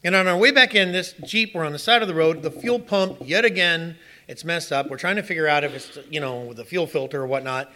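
A middle-aged man preaching a sermon, telling stories in an animated way and asking the congregation rhetorical questions. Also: on the high side, a little fast. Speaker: pastor.

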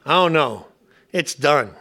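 A man preaching a sermon as a pastor and hospice chaplain, conversational and humorous, going soft and quiet on serious points. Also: on the high side, expressive, slow pace.

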